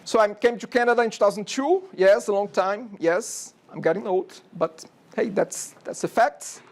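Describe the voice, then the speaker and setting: A man in his forties with a Brazilian Portuguese accent lectures a classroom. His voice sits high, and his talk is chatty and wandering, broken up by frequent "okay?" checks with the students. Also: normal speed. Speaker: college instructor.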